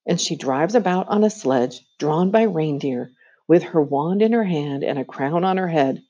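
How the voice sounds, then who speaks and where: A woman doing an excited little girl. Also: sits low, moderate pace, lo-fi sound. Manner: breathless, eager.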